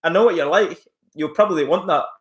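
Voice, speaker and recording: A man's voice: a little high, quick pace. A man live-streaming from home, rambling casually as he reacts to chat messages and mocks a troll. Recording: roomy echo.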